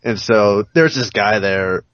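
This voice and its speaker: A man's voice: on the low side, expressive, slow pace, fairly bright tone, no echo, muffled recording. A man on a casual podcast who tells a rambling story and swears often. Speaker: podcast co-host. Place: home on an online call.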